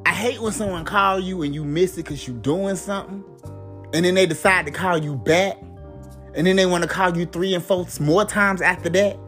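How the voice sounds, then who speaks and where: A man's voice: high-pitched, normal speed, a bit bright, faint music behind. A man doing a comedic rant to camera, profane and exasperated, with a repeated catchphrase. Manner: profane, exasperated, mock-outraged; repeats a catchphrase between bits. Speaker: vlogger.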